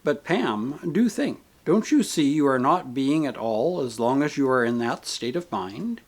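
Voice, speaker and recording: A man voicing a gentle, patient male spirit who speaks calmly and kindly, reasoning with a grieving soul in an audiobook. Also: mid-range voice, a little slow. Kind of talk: audiobook character reading.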